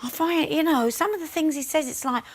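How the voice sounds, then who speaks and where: A woman in casual chat, telling stories in an animated way and mimicking other people. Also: high-pitched, fairly quick. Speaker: reality show contestant.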